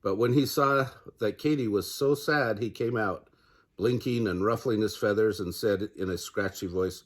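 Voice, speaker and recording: An older man, a grandfather, narrating a children's picture book aloud in a gentle storyteller manner. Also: lowish voice, moderate pace.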